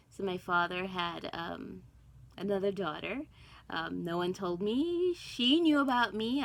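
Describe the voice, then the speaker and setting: A cross stitch vlogger, a middle-aged woman born in Guyana and raised in Brooklyn, New York, chats casually to camera, rambling with many ums, asides, and self-talk. Her voice is on the low side and a bit bright, and the audio is poor.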